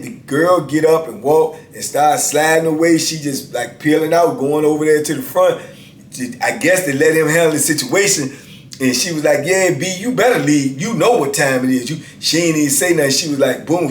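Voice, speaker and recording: A man's voice: fairly high pitch, normal speed. A man in his fifties casually telling stories as a channel host, laid-back and peppering his talk with "man" and "you know what I'm saying.". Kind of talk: casual storytelling. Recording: echoey room with faint background hiss.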